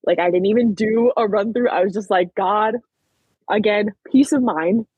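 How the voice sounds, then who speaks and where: Husky young woman telling a story. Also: medium pitch, normal speed, no echo, lo-fi sound. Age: late teens. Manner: chatty, peppered with "like", animated retelling. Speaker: podcast guest, track athlete. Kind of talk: casual storytelling interview.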